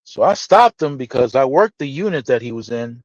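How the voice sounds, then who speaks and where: A man telling a story in casual podcast chat, animated and profane, acting out the dialogue. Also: mid-range voice, moderate pace, no echo. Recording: dull, slightly lo-fi dry sound.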